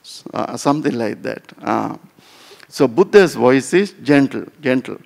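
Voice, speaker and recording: A man's voice: mid-range voice, expressive, measured pace, gravelly, a little mellow. A man in his fifties with a Sri Lankan accent, a Buddhist monk giving a Dhamma talk to a class and often checking in with "right?" and "huh?".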